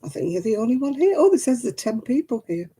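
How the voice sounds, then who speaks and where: Middle-aged British woman hosting a homely stream, friendly chatter to viewers, soft husky voice. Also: on the high side, sing-song, fast. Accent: British English. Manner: chatty, greeting viewers by name. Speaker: livestream host. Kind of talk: casual live-stream chat.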